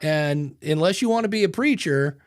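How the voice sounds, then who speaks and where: A man hosting a podcast in casual chat, animated and talking into a mic with headphones, sometimes acting out voices. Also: fairly high pitch, moderate pace, no echo, clean studio sound. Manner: animated, demonstrates voices with sudden loud bursts. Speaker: podcast host. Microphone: studio mic with headphones.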